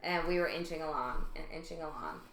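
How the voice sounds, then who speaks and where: Picture a woman co-hosting a casual podcast, her voice bright and forward. She tells stories in a chatty, easygoing way and laughs often. The room around her is roomy and echoey. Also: deep voice, a little fast, slight background noise. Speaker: podcast co-host. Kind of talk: casual chat. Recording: roomy echo.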